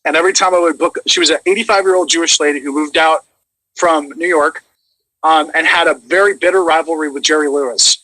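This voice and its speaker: A man who is a voice actor, chatting casually and coaching vocal warm-ups with animated demonstrations. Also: on the high side, quick pace, dry recording, rough recording.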